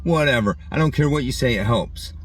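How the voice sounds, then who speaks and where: A man's voice: medium pitch, lively intonation, fairly quick, recorded from a distance, slight background noise. A man hosting his own vlog, ranting indignantly and mocking the commenters who disagree with him. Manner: indignant, repetitive, mocks opponents' comments. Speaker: channel host. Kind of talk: opinionated vlog rant.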